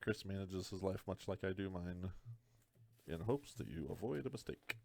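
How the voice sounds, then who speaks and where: A man's voice: sits low, animated, normal speed, creaky, dark tone, slight background noise. A man hosting a live card break, talking through each card with dry joking asides.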